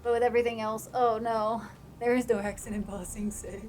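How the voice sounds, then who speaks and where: A woman's voice: a little high, level tone, a little fast, a little mellow, slight background noise. Chatty woman streamer, accent drifting. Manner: chatty, laughs a lot, drifts between playful put-on accents. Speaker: game streamer. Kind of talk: casual live-stream chat.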